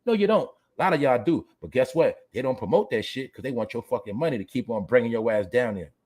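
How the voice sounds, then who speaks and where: Man hosting a live commentary stream; medium-pitched, cursing, lecturing his viewers directly. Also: expressive, fast, a little mellow, breathy edge. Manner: profane, blunt, preachy, talks straight to viewers. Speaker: show host. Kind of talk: livestream commentary rant.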